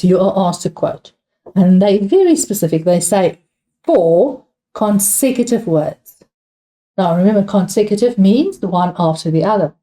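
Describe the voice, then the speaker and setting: A woman's voice: lowish voice, mellow. A woman with a South African accent teaching an English exam revision lesson, patient and repeating key points while asking her students questions.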